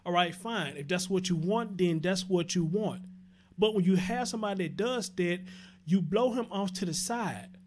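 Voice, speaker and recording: Brief: male call-in host, high-pitched, blunt, profane. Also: moderate pace. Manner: blunt, profane, laughs loudly. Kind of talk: casual call-in radio talk.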